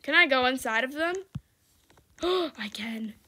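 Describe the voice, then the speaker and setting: A woman's voice: high-pitched, animated, unhurried, sharp tone, slight background noise. A young woman giving casual, giggly commentary on her gameplay, laughing often and shrieking for help. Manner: giggly, exclaims and shrieks, reads chat aloud. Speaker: gaming YouTuber.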